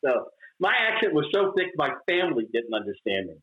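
A man's voice: a little high, brisk, slight background noise. An older man from Mississippi, a guest telling stories in an interview, laughing often and acting out quotes. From Mississippi, US South. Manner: animated, laughing, acts out quotes. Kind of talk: storytelling interview chat. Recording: roomy, dull recording.

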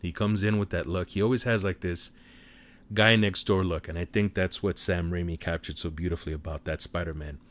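Low-voiced man giving an animated movie review. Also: brisk. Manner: animated, profane storytelling. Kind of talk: casual spoiler movie review.

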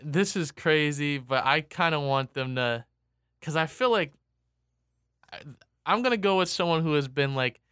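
A man's voice: on the high side, lively intonation, normal speed, pauses often, a bit bright, clear, resonant tone, no echo, clean studio sound. A man in a casual chat, rambling with lots of restarts and fillers.

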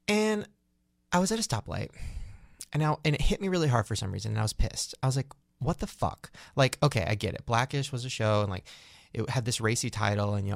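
Podcast host, twenties, male: animated swearing rant, gravelly and lively. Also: mid-range voice, fast, no echo, clean studio sound. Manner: animated, swearing, ranting with laughs. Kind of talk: casual chat.

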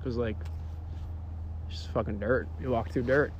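A man's voice: mid-range voice, steady tone, moderate pace, slight background noise. A young man joking and swearing in loose banter with a friend while they film a vlog. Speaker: vlogger. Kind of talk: casual joking chat with a friend.

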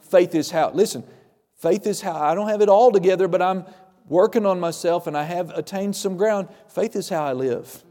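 A man's voice: high voice, normal speed, mellow, big-room sound. A male pastor preaching a sermon, emphatic and repetitive, with folksy humor.

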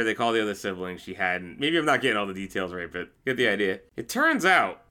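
A man in his late thirties chats on a podcast in a bright, forward voice. His pitch swings widely as he tells stories. He laughs freely along the way. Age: 30s. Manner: animated storyteller, laughs often. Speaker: podcast co-host. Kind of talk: casual chat.

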